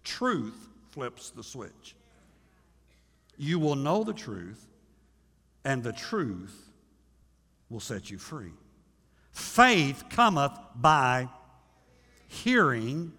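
A male pastor preaching a sermon in a church, animated, often acting out the voices of people praying. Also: mid-range voice, extremely slow, pauses often, slightly rough. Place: church sanctuary. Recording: long hall reverb.

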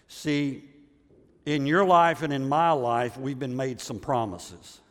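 A man's voice: mid-range voice, takes it slowly, big-room sound. A man preaching a sermon as a pastor, talking conversationally and often checking in with the audience. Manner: conversational storyteller, asks the audience for agreement.

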